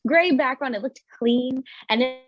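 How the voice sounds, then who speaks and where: A woman's voice: high-pitched, measured pace, no room sound. Bubbly woman on a muffled video call. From New York City. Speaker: voiceover contest winner. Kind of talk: casual video call chat.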